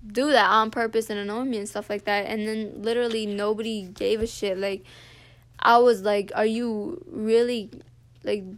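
A seventeen-year-old girl hosting a podcast, telling a school story in a casual, animated rant full of "like" and swearing. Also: medium pitch, moderate pace. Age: teens. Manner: animated, heavy use of "like", swears freely. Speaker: podcast host.

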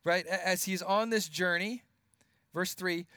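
Male preacher, high voice, earnest, repeats words, sinks low for stress; dry close sound. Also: fairly even intonation, unhurried, bright, forceful tone, clean tone, no echo. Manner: earnest, repeats words while building points, drops voice for emphasis. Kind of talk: sermon.

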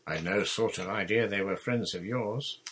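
A man's voice: lowish voice, normal speed, a bit bright, a little hiss or hum, natural voice. A man reading a storybook, voicing a big village policeman who starts stern and turns sheepish and pleading. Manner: flustered, deferential, pleading.

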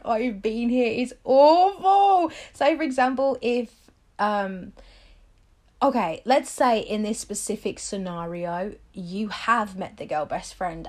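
Chatty young woman podcaster. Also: mid-range voice. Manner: chatty, emphatic, animated rhetorical questions. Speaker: podcast host. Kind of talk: solo advice podcast.

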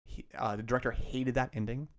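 A man's voice: medium pitch, level tone, a little fast. A man co-hosting a casual chat, retelling a story loosely with lots of "like" and restarts.

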